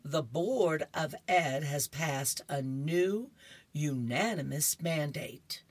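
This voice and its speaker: A woman voicing a stern schoolteacher in a comic strip, announcing a rule in a low husky voice. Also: slow pace.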